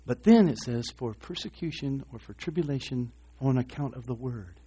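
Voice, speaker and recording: A man's voice: medium pitch, animated, moderate pace, warm tone, husky. A man preaching a sermon, asking the congregation to respond and acting out short voices. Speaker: pastor.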